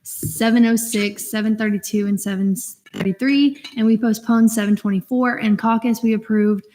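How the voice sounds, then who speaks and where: A young woman reading a long list of approved and denied bill numbers in a steady, listing manner at a student meeting. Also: on the high side, normal speed, slight background noise, poor audio. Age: young adult. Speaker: committee chair reading allocations.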